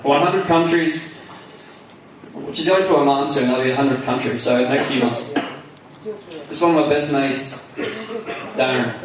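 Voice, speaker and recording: An Australian man giving a chatty, enthusiastic live talk at a conference, joking about himself as he goes. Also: a little high. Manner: chatty, self-deprecating, enthusiastic. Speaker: speaker. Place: large hall. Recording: echoey hall, mic from far off.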